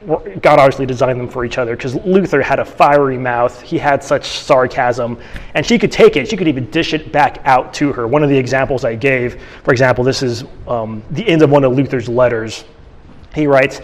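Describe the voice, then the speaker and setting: A man with a medium-pitched voice teaches a church class a little fast, in a casual, conversational way. He often restarts sentences and uses fillers, and the audio has a big-room sound.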